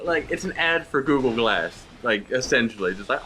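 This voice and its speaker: A man co-hosting casual gaming commentary, retelling stories in an animated way and acting out the voices. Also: medium pitch, brisk, few pauses, slight background noise. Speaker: co-host.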